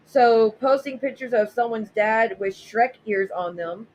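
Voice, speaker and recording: A woman's voice: on the high side, unhurried, hardly any pauses, a little hiss or hum, poor audio. A woman hosting a casual livestream, reading viewer messages aloud and reacting bluntly and sarcastically, with frequent swearing. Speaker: livestream host.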